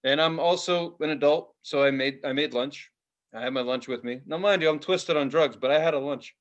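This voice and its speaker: A young man rambles through a story on a casual podcast, swearing freely and stumbling over his words. His voice sits a little high for a man. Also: brisk, muffled recording. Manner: rambling, profane, laughing storyteller. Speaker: podcast co-host.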